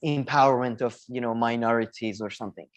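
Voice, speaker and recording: A man co-hosting a podcast in casual chat, telling stories in a rambling, animated way and often laughing. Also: mid-range voice, fast talker. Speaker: podcast co-host.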